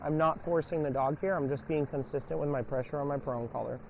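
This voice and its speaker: A man's voice: fairly high pitch, quick pace, gravelly, slight background noise. Man training a dog outdoors, clipped commands. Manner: explains while training, barking short commands at the dog. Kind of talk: hands-on training demonstration.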